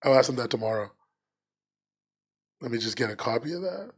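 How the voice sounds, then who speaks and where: A man chatting casually as a podcast co-host on a livestream, at a middle pitch. He rambles, restarts his sentences and leans on fillers as he thinks aloud. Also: animated, fairly quick, breathy edge.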